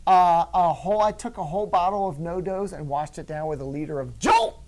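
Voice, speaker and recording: A man co-hosting a casual studio chat show, joking around and telling stories in an animated way. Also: a little high, brisk. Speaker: co-host.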